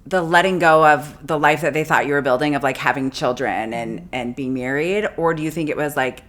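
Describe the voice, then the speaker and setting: A woman's voice: deep voice, brisk, fairly bright tone. A woman hosting a podcast interview, listening supportively and asking reflective questions. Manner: supportive listener, many "mm-hmm" backchannels. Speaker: podcast host. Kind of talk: conversational interview.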